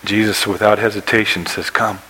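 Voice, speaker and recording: A man preaching a sermon, telling a story with rising excitement and dropping to a hush for quoted prayers. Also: moderate pace, rough recording. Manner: storytelling preacher, acts out scenes with rising pitch. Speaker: pastor.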